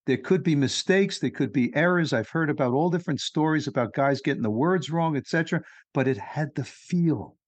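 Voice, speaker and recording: A man's voice: on the high side, fairly quick, hardly any pauses, no echo, dull audio. A man hosting a podcast, chatting and asking his guest questions. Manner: conversational, asks leading questions. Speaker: podcast host. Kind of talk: interview.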